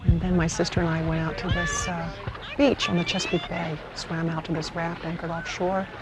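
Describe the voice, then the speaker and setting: A woman in her fifties telling her own story in a reflective, measured way, with hesitant pauses. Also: fairly low pitch, flat delivery, noisy background. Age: 50s. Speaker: narrator. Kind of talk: personal testimony narration. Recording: music bed under the voice.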